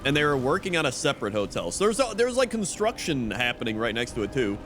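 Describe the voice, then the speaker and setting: A man's voice: mid-range voice, very animated, quick pace. A young man streaming, chatting casually with a rambling, profane storytelling manner. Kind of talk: casual chat.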